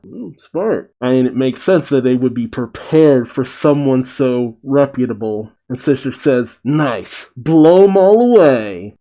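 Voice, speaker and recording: A man's voice: medium pitch, mellow, poor audio. A man reading a manga chapter aloud and narrating its dialogue, breaking off for dry, wry comments of his own. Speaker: manga reaction host.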